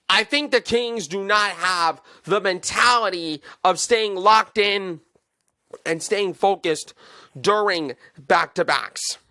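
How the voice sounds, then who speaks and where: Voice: mid-range voice, bright, forceful tone, no echo. A sports podcast host giving an opinionated, emphatic take on a basketball game, repeating points for force. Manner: emphatic and repetitive, hammering points home; fan venting, then reading out game stats.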